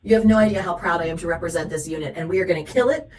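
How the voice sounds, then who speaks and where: A woman's voice: fairly low pitch, rapid-fire, crowd noise. A woman sales director leading a motivational team call, chatty, upbeat and encouraging as she coaches her team. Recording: roomy, echoey recording.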